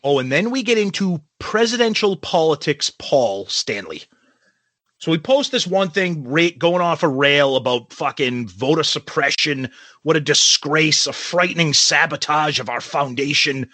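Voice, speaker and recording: Sarcastic guy ranting on a podcast, high bright voice, dry close sound. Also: lively intonation, measured pace, no room sound. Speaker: podcast co-host. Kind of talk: casual chat.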